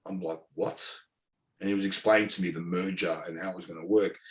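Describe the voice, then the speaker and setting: Rambling Australian man, lowish voice. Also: fairly even intonation, racing. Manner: rambling, repeats words, many fillers. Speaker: former professional footballer, guest. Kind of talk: casual interview storytelling.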